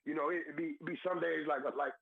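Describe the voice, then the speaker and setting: A man's voice: on the high side, fairly even intonation, fairly quick, gravelly, dry recording. A man in his thirties, a former football player, calling in as a guest on a radio show. He talks in an emotional, earnest way, is close to tears and repeats himself. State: tearful. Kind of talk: phone-in radio interview. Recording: tinny phone line.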